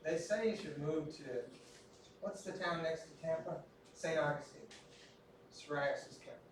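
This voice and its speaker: A man's voice: fairly high pitch, unhurried, a little hiss or hum. A middle-aged man teaching an anatomy class, talking casually and joking as he goes. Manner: chatty, joking asides. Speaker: anatomy instructor. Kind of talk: classroom lecture. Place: large echoey classroom. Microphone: recorded from a distance. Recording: echoey classroom from far off.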